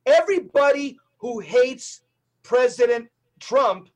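Middle-aged guy on a podcast, really high voice, preachy and emphatic, piles up lists. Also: lively intonation. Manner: emphatic, rapid lists and repetitions. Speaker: guest, Catholic evangelist.

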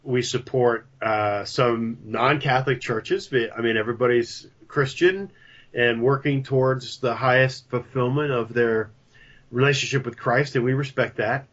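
A chatty man talks easily as a podcast guest, mid-pitched and casual, with a pitchman's bounce. His voice comes through a dull, slightly lo-fi recording. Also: steady tone, a little slow, fairly bright tone. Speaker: podcast guest, coffee company founder. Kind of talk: casual interview talk. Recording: dull lo-fi sound.

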